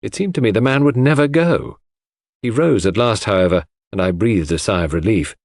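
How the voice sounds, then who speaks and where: A man reading a classic mystery aloud in measured, expressive narration. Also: lowish voice, no echo, clean studio sound. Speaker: audiobook narrator.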